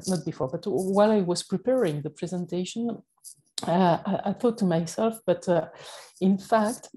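French-accented woman, slow and halting. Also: lowish voice, dark tone, slightly rough, rough recording. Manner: halting, many fillers and self-corrections. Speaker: panel speaker. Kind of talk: conference presentation.

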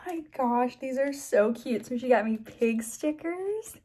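A young woman vlogger chatting to camera, gushing with excitement and thanks as she opens gifts. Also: high-pitched, a little slow, hardly any pauses, husky. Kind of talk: casual chat to camera.

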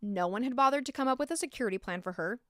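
Woman doing a true crime podcast, blunt, fired up, swears, smooth voice. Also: fairly high pitch, expressive, rapid-fire, a bit bright, no room sound, clean studio sound. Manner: passionate, blunt, swears when angry. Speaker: podcast host.

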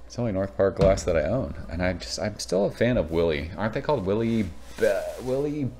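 A man in his thirties from Southern California, casually reviewing a beer in a rambling, excitable vlog, swearing now and then. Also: lowish voice, fairly quick, slight background noise.

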